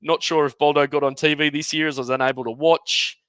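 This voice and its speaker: A man's voice: on the high side, little pitch movement, fast, a bit bright, clear, resonant tone, no echo. A man on a sports podcast panel, reading out social posts with wry jokes. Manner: wry, jokey. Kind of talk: casual sports chat.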